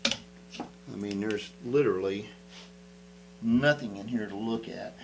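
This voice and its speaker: A man's voice: fairly low pitch, slow, vocal fry, slight background noise, rough recording. A man talking casually to the camera while repairing an old guitar, rambling and thinking aloud as he works.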